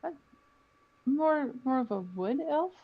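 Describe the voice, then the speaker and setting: A woman playing a tabletop game answers hesitantly, her voice lively and swinging in pitch. The sound is dull and lo-fi. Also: slow, husky. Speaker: player.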